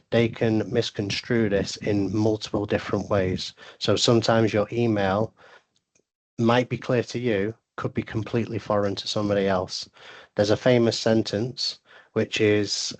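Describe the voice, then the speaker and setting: A man speaking as a sales consultant guest on a webinar, giving earnest advice and often repeating words as he starts a thought. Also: fairly low pitch.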